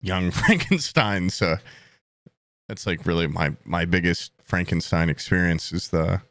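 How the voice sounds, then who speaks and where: A man's voice: low voice, a little slow, fairly bright tone, no echo. A man co-hosting a casual podcast, cracking dry jokes and rambling through his thoughts. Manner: dry, joking asides and rambling musings. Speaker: podcast co-host.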